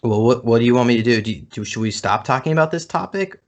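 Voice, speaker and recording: A man's voice: mid-range voice, expressive, quick pace. A man talking as a guest on a video call, chatty with some hesitation. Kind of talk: casual online chat.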